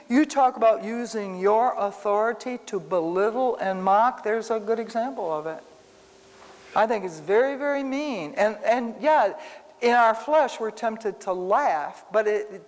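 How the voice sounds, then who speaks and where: A woman's voice: a little high, a little slow. A woman teaching a casual sermon full of personal stories, talking straight to her listeners. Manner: animated storytelling, talks to the room. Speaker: Bible teacher. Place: church hall. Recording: reverberant church hall.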